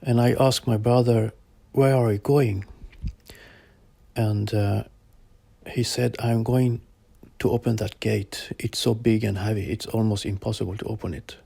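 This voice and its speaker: Slow, gravelly man recounting a vision. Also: lowish voice, steady tone, mellow, dry recording. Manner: slow, halting, searching for words. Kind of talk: personal account told to interviewer.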